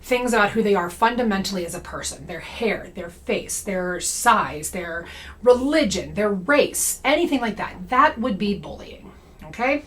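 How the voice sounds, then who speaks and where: A woman's voice: medium pitch, expressive, moderate pace, fairly bright tone. Chatty woman checking in with "okay?". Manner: conversational, frequent "okay?" and "right?" check-ins. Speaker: comedy creator and anti-MLM commentator. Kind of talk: casual monologue to camera.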